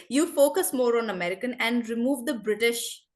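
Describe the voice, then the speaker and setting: A woman teaching an online accent class, chatty and repeating example words slowly. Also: fairly high pitch, animated, darkish tone.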